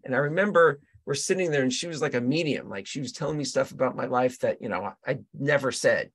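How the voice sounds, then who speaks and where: Animated man telling a story. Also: medium pitch, fast, slightly rough. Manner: animated storyteller, trailing restarts. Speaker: guest, real estate agent and coach. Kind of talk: storytelling in a casual interview. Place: Colorado.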